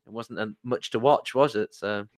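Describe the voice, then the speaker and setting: A man hosting a casual football podcast, chatty and excitable, rambling with restarts. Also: lowish voice, moderate pace, no room sound. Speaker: podcast host.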